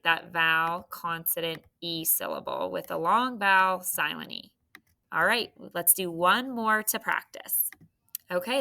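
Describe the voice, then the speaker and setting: Slow, bright-voiced woman teaching phonics. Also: medium pitch. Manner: slow, encouraging, spells out letters. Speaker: third grade teacher. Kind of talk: phonics lesson to young students.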